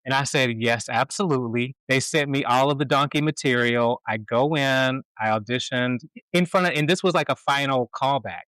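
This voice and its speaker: A male podcast host, an animated storyteller who laughs often while chatting casually. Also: mid-range voice, normal speed, no echo, low-quality recording. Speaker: stage performer. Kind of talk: casual conversation.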